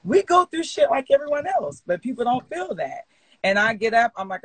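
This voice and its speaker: A woman's voice: on the high side, sing-song, moderate pace, fairly bright tone, husky, dry recording. A woman in her forties, a guest on a live video chat, talking candidly and emphatically and swearing freely. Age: 40s. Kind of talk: casual live-stream chat. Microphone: phone on a live video call.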